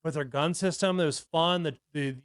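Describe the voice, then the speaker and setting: Man, 30s, podcast co-host, rambling, profane, many restarts, higher pitch, dry sound. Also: brisk, clear, resonant tone, no echo. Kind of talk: casual podcast chat.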